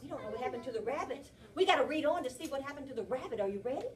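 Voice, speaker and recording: A kindergarten teacher reading a picture book aloud to young children, asking them lots of animated, coaxing questions in a classroom. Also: female voice, sits high, very fast, recorded from a distance, a crowd in the background.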